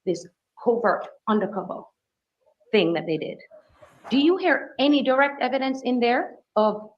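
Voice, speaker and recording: Woman, defense attorney, leading questions, higher voice, muffled courtroom recording. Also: animated, moderate pace. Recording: dull courtroom audio.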